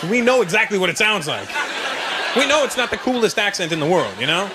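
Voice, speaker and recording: Brief: male stand-up comedian, teasing the crowd, high pitch, noisy live club recording. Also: big pitch swings, fast talker. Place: comedy stage before a live audience.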